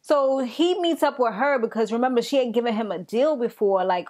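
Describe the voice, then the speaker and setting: A young woman with a fairly high voice recaps a TV episode in a loose, casual way. She tells it with animated, slangy energy, as if chatting with a friend. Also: fairly quick, few pauses. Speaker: TV recap vlogger.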